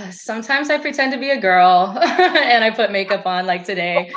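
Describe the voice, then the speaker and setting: A woman's voice: mid-range voice, animated, unhurried, a bit bright, lo-fi sound. A woman from South Carolina with a Southern accent, chatting as a guest over a video call and laughing often. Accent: Southern American. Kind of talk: casual chat.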